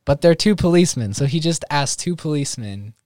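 A man's voice: on the high side, lively intonation, a little fast, darkish tone, no room sound, studio quality. Man hosting a casual podcast. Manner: loose storytelling with fillers and chuckles. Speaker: podcast host.

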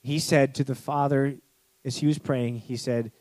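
A man preaching a sermon, telling a parable with swings between urgent speed and hushed, slow emphasis. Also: medium pitch, fairly even intonation, dry recording. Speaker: pastor.

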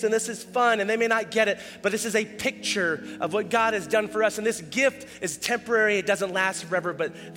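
A man preaches with a high, bright voice and an animated, casual delivery, and he often acts out quoted dialogue with a raised voice. His words ring with long reverb, and faint music plays beneath them. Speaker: pastor. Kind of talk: sermon.

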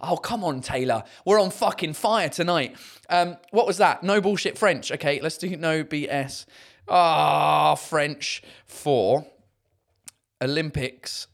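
A man with an English accent hosting a casual live stream, rambling excitedly, swearing freely and laughing often. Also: fairly high pitch, slow pace, creaky. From England. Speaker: livestream host reading chat.

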